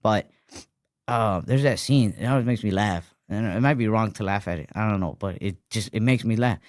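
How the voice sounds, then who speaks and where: A man's voice: lowish voice, a little fast, no echo, studio quality. A man co-hosting a casual comedy podcast, riffing loose and profane. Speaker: podcast co-host.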